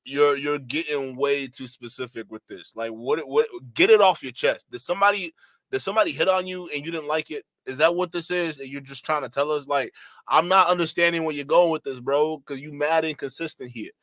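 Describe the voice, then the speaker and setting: A man's voice: on the high side, fairly quick, fairly bright tone, no echo. A man hosting a reaction stream, laughing often and talking in slangy disbelief to his chat. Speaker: host reacting to a clip. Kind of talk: casual reaction stream talk.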